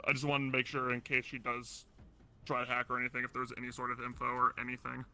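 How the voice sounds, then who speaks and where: A man stepping out of a roleplay to ask a quick question in casual chat. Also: medium pitch, monotone, bright, forceful tone, poor audio. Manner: quick, apologetic interrupting. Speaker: roleplay player.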